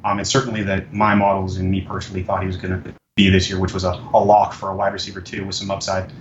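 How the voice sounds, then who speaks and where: A man's voice: sits low, monotone, quick pace, roomy sound, lo-fi sound, a little hiss or hum. A man giving fantasy football analysis as a guest, earnest and insistent, often stammering as he restarts phrases. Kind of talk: casual analytical talk.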